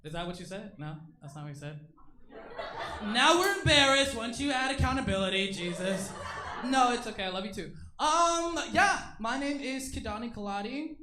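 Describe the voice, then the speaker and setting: A young man doing a stand-up comedy set, animated and self-mocking, slipping into quick mock voices. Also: very high voice. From Eritrean family. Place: comedy club stage. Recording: echoey club room with crowd noise.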